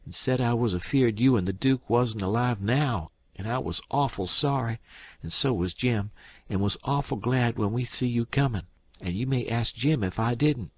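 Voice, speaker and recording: A man narrating an audiobook in a plain storytelling manner with folksy dialect, his voice husky. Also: mid-range voice, moderate pace, no echo.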